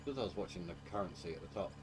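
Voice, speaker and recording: Tired low-voiced man streaming a game. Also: very fast, background noise. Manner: relaxed, chatty, thinking aloud. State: tired, yawning. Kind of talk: casual gameplay commentary.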